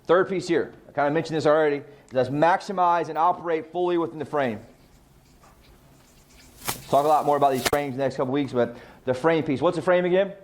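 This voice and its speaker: A middle-aged real estate coach delivers a training talk briskly in a fairly high voice, with a faint hiss or hum in the background. He regularly questions the group and answers those questions himself.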